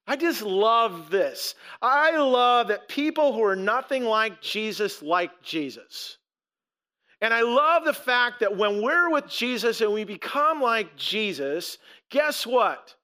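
A pastor in his forties preaches to his congregation in a church. His voice sits high and sounds bright and forceful. He speaks earnestly, repeating and restarting phrases and slowing down to stress key words. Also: very animated. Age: 40s. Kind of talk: sermon. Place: church sanctuary with rows of seats.

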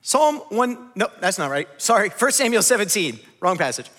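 A man gives a sermon in a high, bright voice that rises and falls with lively swings. He talks to the congregation in a casual, joking way. The sound carries the long reverb of a large hall. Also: normal speed. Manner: animated, conversational, jokes with the audience. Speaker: pastor.

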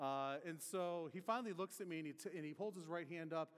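Storytelling preacher in a big hall. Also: male voice, fairly high pitch, fast talker, clean tone. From Detroit area, USA. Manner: conversational storytelling with humor, many restarts. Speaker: pastor. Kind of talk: sermon with personal story. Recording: reverberant hall.

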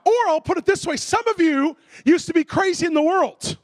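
A man preaching a sermon as a lively story, acting out voices and making comic sound effects. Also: extremely high pitch, fairly quick, no echo. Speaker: pastor.

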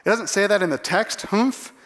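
Male pastor, high, lively voice, preaching in a reverberant hall. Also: normal speed. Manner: animated, acts out voices of characters. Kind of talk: sermon.

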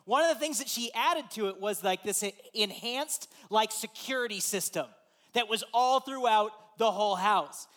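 Animated male pastor telling a story. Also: extremely high pitch. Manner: animated, acts out voices in his story. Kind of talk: sermon storytelling.

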